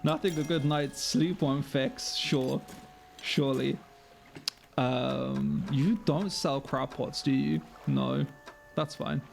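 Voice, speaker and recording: A man's voice: medium pitch, steady tone, slow pace, gravelly. A man streaming a game live, chatting with viewers, sweary and self-mocking. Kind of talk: live gameplay commentary.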